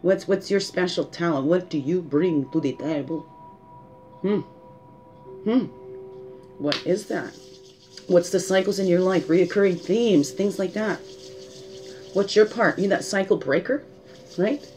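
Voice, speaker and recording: A woman hosting a spiritual guidance talk, musing aloud and asking rhetorical questions, often tagging "right?" and a soft "hmm". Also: on the low side, measured pace, long pauses, faint music behind. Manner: musing, asks rhetorical questions, adds 'right?' and 'hmm'. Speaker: spiritual guidance show host.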